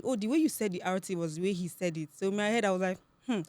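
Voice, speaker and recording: A woman's voice: mid-range voice, very fast, no room sound. A young woman with a Nigerian accent, a podcast guest telling stories with animation, laughing often and acting out what others said. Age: young adult. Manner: animated storyteller, laughs often, acts out quoted speech. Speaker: guest, accent content creator. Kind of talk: casual podcast interview.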